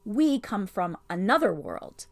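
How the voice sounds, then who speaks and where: A woman's voice: mid-range voice, big pitch swings, unhurried, vocal fry, no echo. A woman voicing a spirited schoolgirl who speaks snappishly and indignantly.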